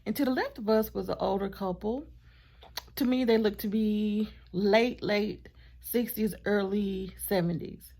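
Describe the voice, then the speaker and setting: A woman vlogger telling a storytime in a chatty, animated way, with asides to her partner off camera. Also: mid-range voice, measured pace, gravelly. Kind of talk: casual storytime vlog.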